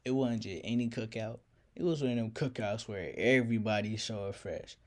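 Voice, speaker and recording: A man's voice: lowish voice, moderate pace. A man telling a personal story in a casual, slangy, reflective way.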